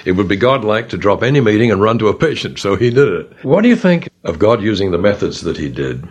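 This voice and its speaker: A man leading a Bible study discussion, retelling scripture with animated storytelling and acted-out voices. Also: fairly low pitch, quick pace, slightly rough. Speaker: author and discussion leader.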